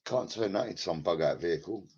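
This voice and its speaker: A very deep, gravelly man rambles through a casual live stream from his flat, swearing freely and bantering with viewers by name. His voice is husky and worn, heard through a headset. The sound is dull and lo-fi. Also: quick pace. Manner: rambling, crude and profane, banters with chat by name.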